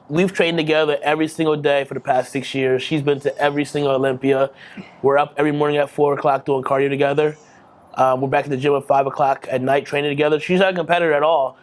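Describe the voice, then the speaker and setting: Earnest, emotional man in his thirties. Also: on the high side. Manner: earnest and emotional, swears freely, many restarts. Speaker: bodybuilding champion interviewee. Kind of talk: candid post-victory interview.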